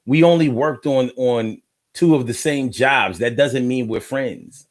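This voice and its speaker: A man chatting casually on a live stream, telling stories in an animated, slangy way, repeating his phrases and reading out viewer comments. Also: mid-range voice, a little slow.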